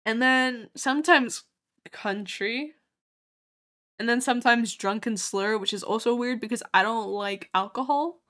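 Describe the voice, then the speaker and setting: A woman's voice: on the high side, unhurried, a bit bright. A woman from Australia giving casual, giggly commentary while playing a game on stream and reading its lines aloud.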